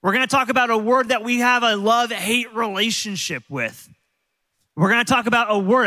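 A man preaching a sermon as a pastor, telling stories in an animated way with frequent restarts. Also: sits high. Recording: long hall reverb.

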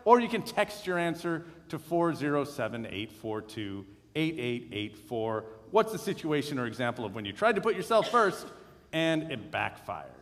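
Man, pastor, sermon, personal story, fairly high voice, reverberant church. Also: moderate pace. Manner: lively, self-deprecating storytelling. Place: church sanctuary. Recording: long hall reverb.

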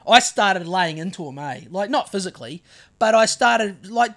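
Sweary, animated New man telling a story. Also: high voice, moderate pace, creaky. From New Zealand. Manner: profane, animated storyteller acting out his own lines. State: recovering from covid. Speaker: podcast co-host. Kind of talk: casual storytelling chat.

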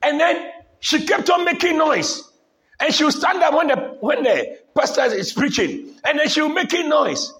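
A man's voice: extremely high pitch, animated, unhurried. A man preaching a sermon to a church congregation, calling out for responses and repeating his lines. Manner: repetitive call-and-response exhortation. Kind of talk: shouted sermon. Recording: loud crowd and noise in a live church.

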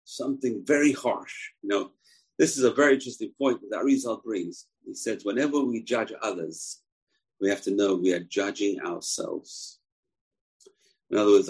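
A religious teacher gives a Torah lecture with emphasis, raising questions and then answering them himself. His voice sits lowish with a breathy edge, and the audio quality is poor.

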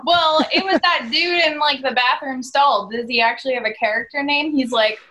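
A woman's voice: sits high, normal speed, sharp tone. A woman playing in a casual trivia game, chatting and giggling with the others. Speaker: quiz player. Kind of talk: casual banter.

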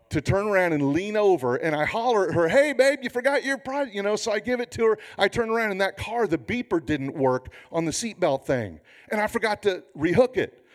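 A man in his fifties, a pastor preaching a sermon with humorous, animated storytelling. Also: sits high.

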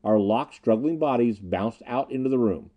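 A man reading a first-person space adventure aloud, his voice mellow and relaxed in tone. His pitch moves a lot, lending the story drama. The reading is expressive and steady. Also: moderate pace, highs cut off. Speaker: audiobook narrator.

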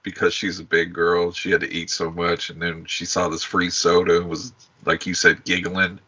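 A man with a very deep, husky, bright-edged voice drops in wry, joking asides during a casual movie chat. The sound is muffled and dull. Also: completely flat delivery, moderate pace. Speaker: podcast co-host.

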